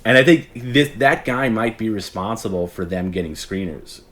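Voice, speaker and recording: A man's voice: lowish voice, animated, moderate pace, a bit bright. A man in his forties, the host of a late-night stream, telling rambling stories in casual chat and acting out the callers he remembers. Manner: rambling, self-interrupting storyteller who acts out quoted callers.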